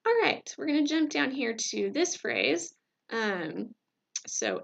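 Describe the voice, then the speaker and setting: A woman's voice: on the high side, very animated, takes it slowly, creaky, dull audio. A woman teacher talking through a recorded lecture in a conversational way, checking in with "right?" and using fillers.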